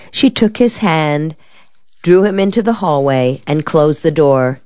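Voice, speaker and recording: Female audiobook narrator, low voice, measured, dry dull lo-fi sound. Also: lively intonation, darkish tone, dry recording. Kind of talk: scripted narration of a novel.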